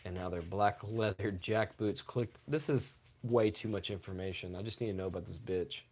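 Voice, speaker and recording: A man's voice: fairly low pitch, normal speed. Crude, joking male podcast co-host. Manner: crude, joking, loud bursts, profanity. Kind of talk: casual podcast banter.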